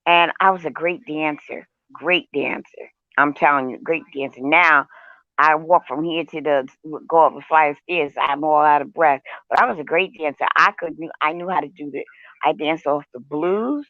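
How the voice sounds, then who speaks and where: An older woman with a gravelly voice hosts a casual chat and spins animated stories from her past, calling her listener honey. The recording is dry and close, with a dull lo-fi sound. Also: low-pitched, moderate pace, dry recording. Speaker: host.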